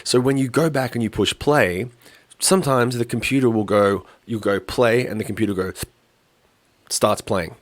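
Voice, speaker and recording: A podcast host chats casually, telling rambling, profane stories in an animated way. His voice is lowish and moves at a moderate pace. There's no room sound in the recording.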